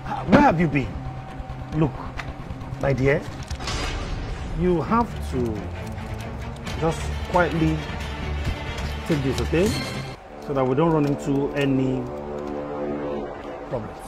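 Man playing a menacing male tutor, coaxing tone, animated pitch, clear music behind. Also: takes it slowly, long pauses. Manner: coaxing then threatening. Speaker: private tutor. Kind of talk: skit acting. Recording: music bed under voice.

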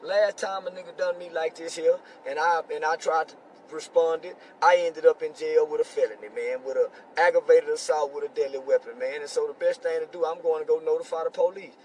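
A man's voice: a little high, steady tone, fairly quick, a little mellow, distant mic, slight background noise, low-quality recording. A man speaking as a community activist in a heated, indignant rant, repeating his points. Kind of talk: angry live-video rant.

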